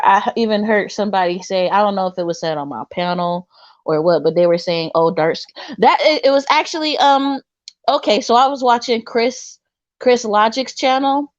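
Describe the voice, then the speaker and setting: A woman co-hosting a casual livestream chat, animated and laughing often, trailing off and restarting her sentences. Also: fairly low pitch, no echo. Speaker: co-host. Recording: dull lo-fi sound.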